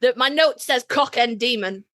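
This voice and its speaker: High, animated woman recapping a show. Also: moderate pace. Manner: animated, swears freely, acts out lines. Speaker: podcast co-host. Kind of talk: casual chat recapping a TV episode. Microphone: online voice chat.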